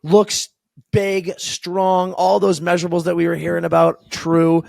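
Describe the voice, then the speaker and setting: A man co-hosting a casual hockey podcast, telling stories excitedly. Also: high voice, unhurried, creaky, dry recording. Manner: excitable storyteller, swears casually. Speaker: podcast co-host.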